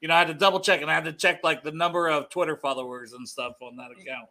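Very bright-voiced man chatting football. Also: fairly high pitch, steady tone, racing. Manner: laughing, storytelling fan. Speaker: podcast co-host. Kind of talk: casual sports chat.

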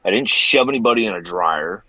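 A middle-aged man, a veteran guest on a podcast, telling a story in a profane, animated way and acting out the voices in it. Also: lowish voice, a little fast, no echo, rough recording. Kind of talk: casual storytelling.

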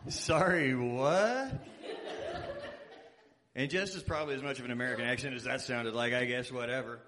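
A man doing stand-up comedy, telling an animated, self-mocking story. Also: mid-range voice, racing, background noise.

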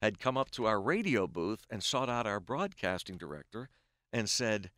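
A middle-aged man who works as a baseball play-by-play announcer tells a long story on a podcast in a lowish voice at normal speed. The recording is dry. He's an animated storyteller, acting out the quoted back-and-forth.

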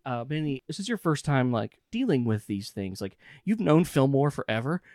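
A man's voice: medium pitch, big pitch swings, normal speed, darkish tone, no echo, studio quality. A man narrating as game master of a tabletop game, rambling with fillers. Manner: rambling, lots of fillers and giggles.

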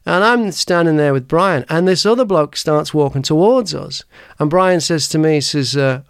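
Telling rambling personal stories on his podcast, a man with a higher, clean-toned voice speaks at normal speed, restarting often and laughing along in casual chat. The recording is dry and studio quality.

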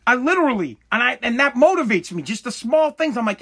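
A man's voice: very high voice, sing-song, fairly quick, few pauses, a bit bright, slightly rough. A man in his forties hosting a podcast, giving an emphatic, profane motivational monologue full of restarts. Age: 40s. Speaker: podcast host.

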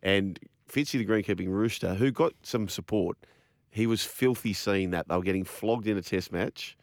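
Deep-ish aussie host guy, teasing and leading the chat, dry sound. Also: moderate pace, no echo. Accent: Australian. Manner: playful, leading questions. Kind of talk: casual sports chat.

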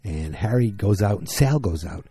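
A tired man casually recapping a TV episode, rambling and acting out the characters' lines in quick bursts. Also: fairly low pitch, animated, warm tone, slightly rough, dry recording. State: tired, yawning. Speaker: podcast host recapping a TV episode.

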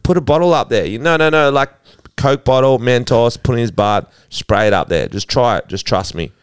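A man voicing a crude, rambling English man who leaves a voicemail full of swearing and fumbling pauses. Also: mid-range voice, clean tone, no echo, clean studio sound, close to an everyday voice. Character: crude rambling English man, a brother giving bad news. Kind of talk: improvised comic voicemail bit.

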